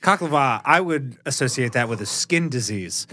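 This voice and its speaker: A man's voice: mid-range voice, lively intonation, normal speed, bright, forceful tone. A man co-hosting a casual comedy podcast, dry and wry, laughing often. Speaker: podcast co-host.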